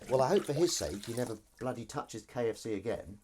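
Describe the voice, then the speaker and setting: A man's voice: medium pitch, expressive, fairly quick, darkish tone, husky. A man hosting a casual live stream from his kitchen while washing up, chatty and self-deprecating as he reads out viewer comments. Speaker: livestream host.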